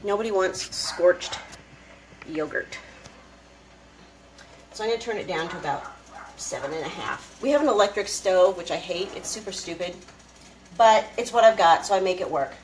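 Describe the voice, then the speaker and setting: A woman's voice: lowish voice, normal speed, pauses often, slight background noise. Chatty woman live-streaming from an echoey kitchen. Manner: chatty and rambling, greets viewers by name. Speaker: homesteading live-stream host. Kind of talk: casual live-stream chat while cooking. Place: home kitchen. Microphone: camera she moves around the kitchen.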